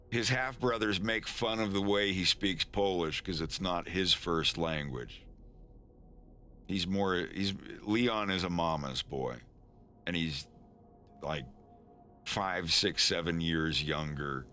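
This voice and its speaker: A male animator talks through his work on a live stream in a loose, rambling way. His voice sits low and moves at an easy, slow pace, with a bright, forceful edge to the tone. He trips over his words and restarts often, with a chuckle never far off. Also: slight background noise. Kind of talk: casual live-stream chat.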